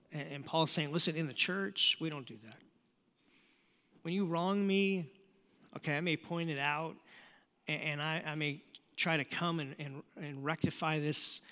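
A man's voice: a little high, pushed and bright. A man preaching a sermon as a pastor, talking conversationally, asking the congregation questions and often repeating words as he goes. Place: church auditorium. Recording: long hall reverb from a church auditorium.

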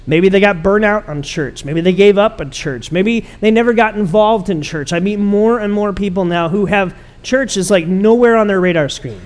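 A man's voice: high-pitched, normal speed, few pauses, a little mellow. A man pastor preaching a conversational, emphatic sermon to his church.

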